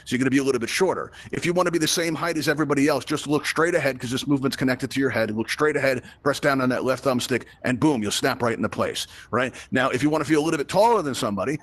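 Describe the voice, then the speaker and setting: A man's voice: mid-range voice, fairly bright tone. A man with a Brooklyn accent hosting a live virtual reality tutorial, chatty and upbeat, checking in with the audience with frequent "right?" asides as he demonstrates. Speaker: VR event host and instructor. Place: virtual reality event space.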